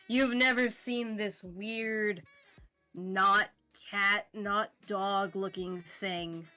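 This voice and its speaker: A woman narrating a tabletop game as game master, talking in a relaxed way with fillers and laughs. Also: medium pitch.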